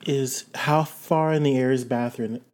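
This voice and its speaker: A player in a tabletop game, chatty and halting, often restarting sentences. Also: medium pitch, fairly even intonation, darkish tone.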